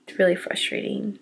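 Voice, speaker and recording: A woman beauty vlogger talking casually to camera in a rambling way, with lots of "like" fillers. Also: sharp tone. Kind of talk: casual vlog chat to camera.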